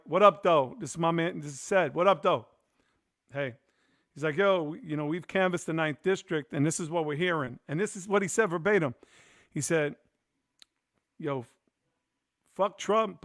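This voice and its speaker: A man's voice: a little high, no room sound, studio quality. A man hosting a podcast who tells a story in casual chat, acting out the voices of the people he quotes. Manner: animated, acts out quoted voices. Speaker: podcast host.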